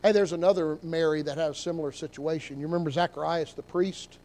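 A man preaching from the pulpit in a high voice. He talks to his congregation in a conversational way, then swells into emphatic peaks. It is a Sunday sermon in a church sanctuary. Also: fairly even intonation, quick pace, a little mellow, a little hiss or hum, low-quality recording. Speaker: pastor.

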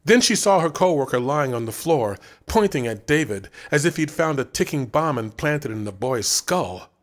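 Man narrating a story, expressive reading. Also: mid-range voice, normal speed. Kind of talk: audiobook narration.

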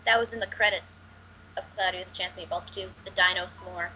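Bright, playful female co-host. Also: lowish voice, fairly even intonation, fast talker, slight background noise, low-quality recording. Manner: playful, argumentative banter. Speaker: podcast co-host. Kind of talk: casual chat.

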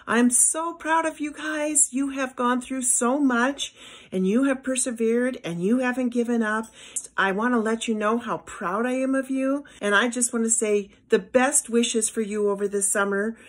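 Heartfelt encouraging female teacher, slightly high voice. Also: fairly even intonation, normal speed. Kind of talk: encouraging message to students.

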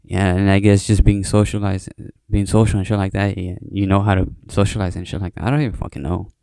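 A young man talking alone in a casual, rambling podcast monologue at home late at night, swearing often and filling pauses with "you know.". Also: deep voice, little pitch movement, creaky, mellow, clear, resonant tone, dry recording. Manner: rambling, heavy swearing, many fillers. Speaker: podcast host.

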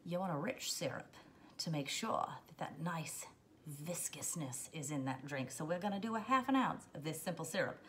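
A woman's voice: sits low, fairly bright tone, a little hiss or hum. A woman hosting a casual cocktail how-to, chatty and jokey, wandering into playful asides as she mixes. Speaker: home bartender host.

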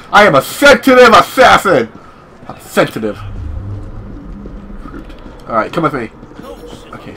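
A man's voice: pushed and bright, slight background noise. Playful young man commentating a game. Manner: joking and playful, with sudden high yelps. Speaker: gameplay commentator. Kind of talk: casual let's-play commentary.

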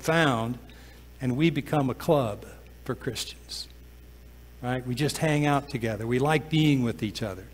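In the sanctuary, a man preaches, and the recording carries a long church reverb. He's a pastor who regularly eases down into a slow, quiet, low voice whenever he wants a point to land.

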